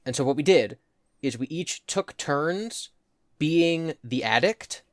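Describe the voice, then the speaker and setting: A man's voice: a little high, lively intonation, slow pace, no room sound. Laid-back young man, dry close sound. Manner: easygoing, drawls words out when making a point. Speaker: podcast co-host. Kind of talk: casual storytelling chat.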